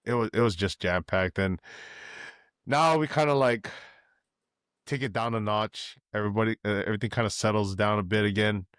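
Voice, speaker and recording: Casual podcast co-host, man, lowish voice, dry close mic, rambling and laid-back. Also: moderate pace, fairly bright tone, clean tone, dry recording. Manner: easygoing, filler-heavy, hypes the wrestlers. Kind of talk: casual wrestling chat.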